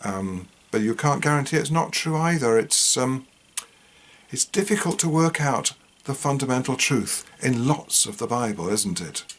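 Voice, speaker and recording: A man's voice: medium pitch, expressive, moderate pace, fairly bright tone. A man retelling and commenting on scripture in a casual, musing way, often tagging his points with rhetorical questions. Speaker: host.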